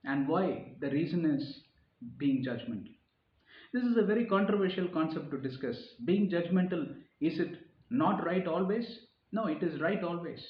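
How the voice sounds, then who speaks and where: Man, earnest sermon-style talk, fairly high voice, echoey room, slightly dull sound. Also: animated, moderate pace. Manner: earnest, repeats phrases and restarts, rising emphasis on key points. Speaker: speaker giving a reflective talk. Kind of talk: informal sermon-style reflection.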